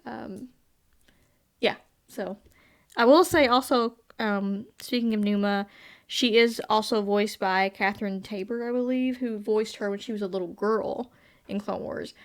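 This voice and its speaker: A woman's voice: mid-range voice, fairly even intonation, unhurried. A woman with a mid-range voice co-hosting a fan podcast. She talks casually and at length, often hedging and admitting what she cannot remember. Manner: rambling, unsure, hedging often. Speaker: podcast co-host. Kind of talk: casual chat.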